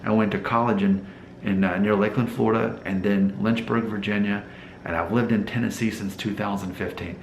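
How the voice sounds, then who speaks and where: Gravelly man with faint Southern hints. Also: on the low side, fairly even intonation, fairly quick, reverberant, dull audio, slight background noise. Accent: mild Southern US. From Alabama, US South. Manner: rambling, conversational, rhetorical questions. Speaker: hair loss YouTuber. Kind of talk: casual vlog monologue to camera.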